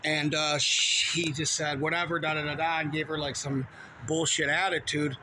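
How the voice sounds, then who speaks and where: A man's voice: on the high side, little pitch movement, moderate pace, bright, forceful tone, a little hiss or hum, poor audio. A man who works as a store cashier tells a rambling, profane story in a heated, casual way.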